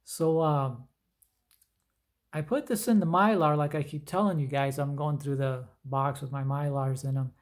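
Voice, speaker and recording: Rambling middle-aged man, somewhat high voice. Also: normal speed. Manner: rambling, relaxed storytelling with many fillers. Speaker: comic book collector vlogger. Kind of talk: casual show-and-tell chat.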